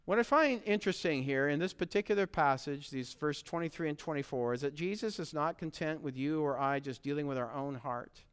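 A male pastor delivering a sermon in a church, earnest and emphatic, circling back to repeat his key phrases. His voice is clean and resonant, pitched slightly above the usual male range. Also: a little fast, few pauses, clean tone.

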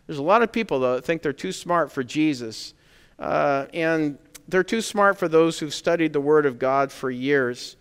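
A man preaching a sermon in a conversational, emphatic way, pressing points with loud stresses. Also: on the high side, clear, resonant tone, in a large hall.

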